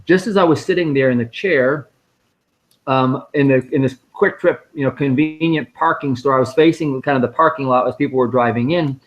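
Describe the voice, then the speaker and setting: A man's voice: medium pitch, moderate pace. A man, a guest speaker at a fundraising live stream, telling a personal story in a conversational way and quoting the people in it. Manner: conversational, vivid retelling with quoted dialogue.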